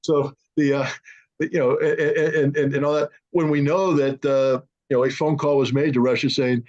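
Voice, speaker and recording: A man's voice: medium pitch, flat delivery, brisk, darkish tone. Blunt man on a muffled video call. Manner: blunt and emphatic, mimics politicians in raised voices. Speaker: guest analyst. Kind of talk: conversational political commentary.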